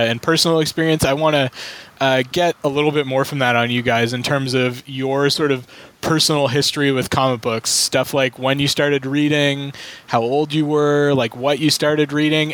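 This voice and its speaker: A man's voice: medium pitch, fairly bright tone. A man hosting a casual podcast chat over a video call, rambling and hedging with lots of fillers and restarts. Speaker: podcast host.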